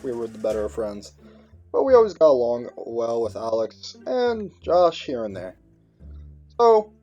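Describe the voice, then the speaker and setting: A young man narrating a storytime animation in a casual, slangy way, playfully acting out what others said. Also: a little high. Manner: relaxed slangy delivery, playful quoting.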